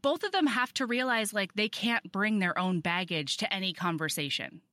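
Woman, podcast co-host, mid pitch, casual plot retelling, dead dry sound. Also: normal speed, no echo. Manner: relaxed storyteller, retells the plot with frequent likes. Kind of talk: casual book recap chat.

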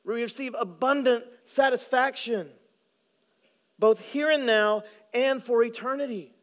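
A man preaching with a high, bright voice. His sermon delivery is animated, rising to loud emphasis and then dropping to hushed, low lines. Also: unhurried. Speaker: pastor.

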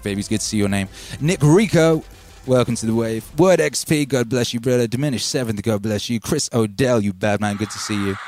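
A man hosting a relaxed livestream, rambling and reading out chat names. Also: medium pitch. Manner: laid-back, rambling, calls listeners baby. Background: faint music.

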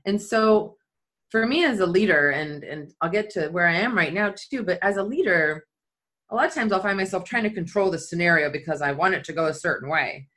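Middle-aged woman, speaker and athlete, candid storytelling, lowish voice, jumps high when quoting. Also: brisk. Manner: animated storyteller acting out quotes in a high voice. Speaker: skydiving athlete and leadership speaker. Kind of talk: storytelling in conversation.

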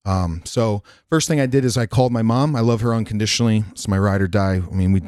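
Low-voiced man telling a frank story. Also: fast talker, darkish tone. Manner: frank, rambling, swears freely. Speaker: podcast guest. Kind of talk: candid personal storytelling in casual chat. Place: Nashville.

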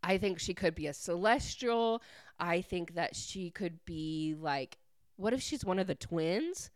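A chatty young woman hosts a podcast and recaps a book in a loose, excitable way, with "like" in nearly every sentence. Her voice sits a little low and comes across smooth and clear. The sound is dry and close. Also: unhurried, no room sound. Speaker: podcast host.

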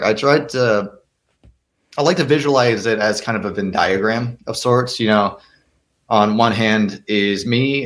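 A man's voice: fairly low pitch, a bit bright. A man in his twenties, an actor guest talking in an earnest, rambling way with many restarts. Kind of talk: casual interview.

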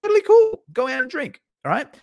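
A man, a fitness educator and podcast guest, telling stories in casual chat and acting out the people in them with lively swings. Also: very high voice, fast talker, gravelly, highs cut off. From Australia. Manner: animated, acts out quoted people in his stories. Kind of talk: casual storytelling interview.

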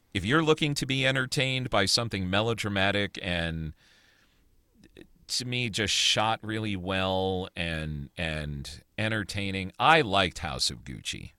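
A man's voice: fairly low pitch, expressive, takes it slowly, pushed and bright, no room sound, clean studio sound. A man co-hosting a podcast, chatting casually and reviewing movies with opinionated, rambling talk. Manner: opinionated, rambling with restarts and swearing. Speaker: podcast co-host.

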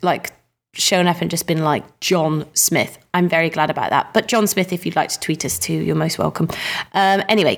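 A woman co-hosting a podcast in casual chat, animated and quick to laugh. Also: fairly low pitch, creaky. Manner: chatty, laughs easily, animated. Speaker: podcast co-host.

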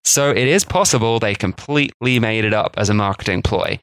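A man's voice: on the low side, a little fast, a bit bright, smooth, no room sound. A man hosting a podcast, telling a history story in casual chat with jokey asides. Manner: chatty storyteller, jokey asides, mock voices for quotes. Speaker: podcast host.

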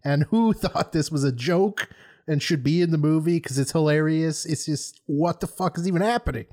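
A man's voice: on the high side, normal speed, darkish tone. A man hosting a podcast, casually and sarcastically picking apart a movie, swearing in exasperation. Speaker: podcast host. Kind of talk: casual comedic movie review chat.

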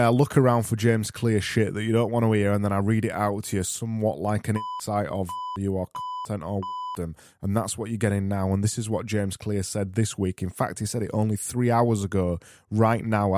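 A man's voice: fairly low pitch, steady tone, brisk, darkish tone, no echo, studio quality. A man with a Barnsley accent hosting a solo podcast, rambling and self-mocking as he reads out quiz questions. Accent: Barnsley, Yorkshire. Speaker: podcast host.

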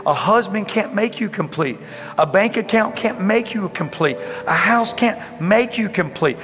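Animated high-voiced preacher. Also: male voice, a little slow. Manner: animated preacher, swings from loud to soft, laughs with the congregation. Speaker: pastor. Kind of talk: sermon. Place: large church hall with congregation. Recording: reverberant church hall with music behind.

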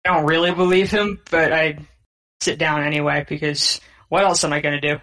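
Hesitant, bright-voiced player. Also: mid-range voice, fairly even intonation, brisk, low-quality recording. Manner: hesitant, questioning. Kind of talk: tabletop role-play.

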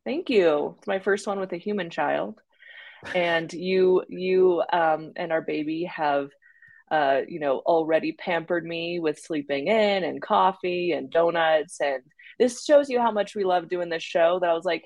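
Lively low-voiced woman podcaster. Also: unhurried, no echo. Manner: lively, animated, laughing and joking. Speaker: podcast co-host. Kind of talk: casual chat.

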